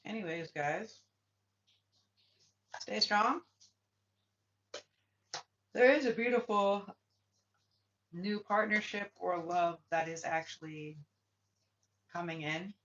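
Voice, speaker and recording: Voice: medium pitch, slow, long pauses, fairly bright tone, muffled recording. A spiritual reader talking in a casual vlog, blunt and profane, firing off repeated questions in heated bursts.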